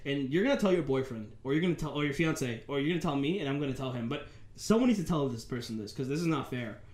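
A man's voice: medium pitch, expressive, quick pace, a little mellow. A young man, a podcast co-host, telling a story casually and animatedly, acting out the dialogue and swearing freely.

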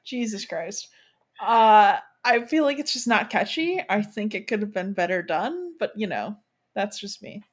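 A woman's voice: medium pitch, lively intonation, unhurried. A young woman hosts a casual book podcast. She talks bluntly with a wry edge and reads passages aloud. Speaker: podcast host.

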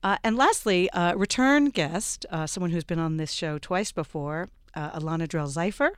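A woman's voice: fairly low pitch, moderate pace, clean tone, no echo, clean studio sound. A middle-aged woman hosting a radio talk show, introducing guests in a chatty way full of ums and uhs. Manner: warm, chatty introductions with many fillers.

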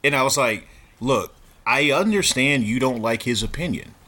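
Lively man, animated laugh. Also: mid-range voice, normal speed. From United States. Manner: animated, laughing, stammering restarts. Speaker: podcast co-host. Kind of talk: casual sports podcast banter.

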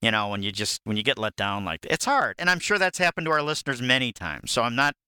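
Very bright, smooth-voiced podcast man. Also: medium pitch, sing-song, quick pace, dry recording. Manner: agreeable, affirming, stumbling starts. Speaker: podcast co-host, movie reviewer. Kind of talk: casual chat.

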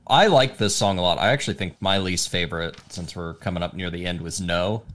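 Low-voiced hesitant young man. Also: fairly quick, a bit bright. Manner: hesitant, lots of "like" and "kinda" fillers. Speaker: podcast co-host. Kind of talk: casual music podcast chat.

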